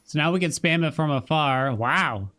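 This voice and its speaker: A game streamer chats with his viewers in a laid-back way, commenting on his play and humming along. His voice is fairly high, animated and bright with a pushed quality, at a normal pace, over slight background noise.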